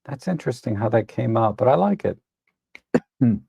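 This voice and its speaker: A man hosts a live photo editing stream in a relaxed, meandering way. He often restarts his sentences and sounds a little tired. His voice is gravelly and mellow, and the recording is close and dry. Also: mid-range voice, moderate pace, dry recording. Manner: relaxed, rambling, self-correcting with frequent restarts; tired, admits yawning. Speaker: photo editing livestream host. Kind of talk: casual live commentary.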